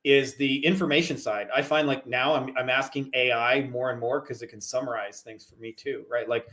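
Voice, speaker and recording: A man's voice: mid-range voice, fairly even intonation, normal speed, bright, forceful tone. A middle-aged man from Canada, a guest chatting casually about marketing, rambling with lots of "like". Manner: rambling, heavy on "like" fillers. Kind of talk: casual chat.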